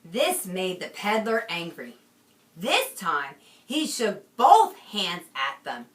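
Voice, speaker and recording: A woman teacher reading a picture book aloud to a class with expression, pausing often to ask the children questions, recorded in a roomy space from a distance. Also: fairly low pitch, sing-song.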